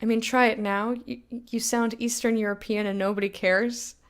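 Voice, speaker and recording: American girl streaming a game, chatty, laughy, kinda high voice. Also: fairly even intonation, normal speed. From United States. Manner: chatty, self-mocking, laughs often. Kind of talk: casual gameplay commentary, reading chat.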